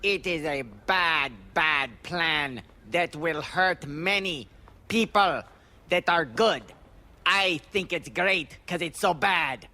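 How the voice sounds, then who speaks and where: A man putting on a slow, dim-witted villain voice, drawn out and deliberate. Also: on the high side, pushed and bright, pitched above the performer's own voice, full character voice. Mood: gloating. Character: slow, dim-witted male villain gloating over evil.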